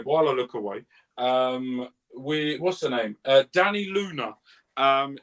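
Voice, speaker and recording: A man's voice: medium pitch, fairly bright tone. Chatty English man hosting a wrestling review. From England. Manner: chatty, rambling, jokey. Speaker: wrestling review show host. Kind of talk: casual chat.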